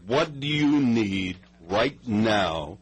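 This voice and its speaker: Male radio host, husky, asks pointed questions over broadcast audio. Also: on the low side, expressive, very slow, rough recording. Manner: direct, probing questions. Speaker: radio interviewer. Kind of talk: radio interview.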